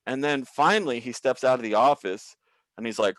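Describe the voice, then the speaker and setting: A male comedian telling work stories over a video call, animated and swearing freely, acting out quoted people in raised voices. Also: medium pitch, moderate pace, no echo. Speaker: comedian guest.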